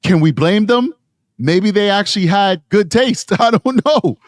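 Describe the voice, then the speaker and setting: Tired new york guy rambling through live true crime commentary, kinda high voice, dry close mic. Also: lively intonation, measured pace, no echo. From New York City. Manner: rambling, conversational, frequent restarts. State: tired from lack of sleep.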